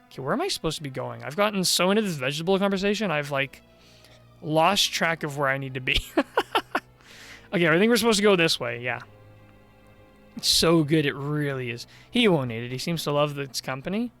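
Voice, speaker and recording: Man, game streamer, chatty, rambling, tired worn voice, somewhat high-pitched, faint music behind. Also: animated, fairly quick, gravelly, fairly bright tone. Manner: chatty, rambling, laughs easily. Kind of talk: casual live-stream commentary while gaming.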